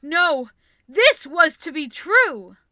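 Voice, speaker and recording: A woman voicing an old miserly man in a storybook, read in her own high bright voice. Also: very animated, takes it slowly, no echo, studio quality, full character voice. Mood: joyful. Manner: storybook reading, barely changed voice. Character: rich old miser man, regretful then joyful.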